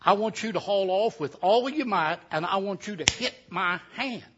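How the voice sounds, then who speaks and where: A storyteller voicing Tom, a sly, lazy country man, speaking low, calm and smug. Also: normal speed, noisy background. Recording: dull lo-fi recording.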